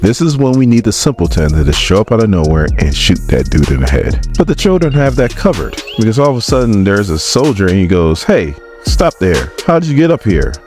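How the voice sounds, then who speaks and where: A man's voice: on the low side, sing-song, brisk, hardly any pauses, darkish tone, faint music behind. A man in his forties giving a casual comic book story recap, acting out characters and laughing often. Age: 40s. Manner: acts out characters with raised voices, laughs often.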